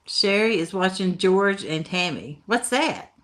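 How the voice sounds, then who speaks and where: A woman with a broad Appalachian accent chats her way through a live stream, her pitch swinging up and down as she greets viewers. She takes her time, drawing her words out slowly in folksy, down-home phrasing. She laughs easily between comments. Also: lively intonation. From Tennessee, USA. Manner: laughs often, folksy talk. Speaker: livestream host reading chat. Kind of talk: casual live-stream chat.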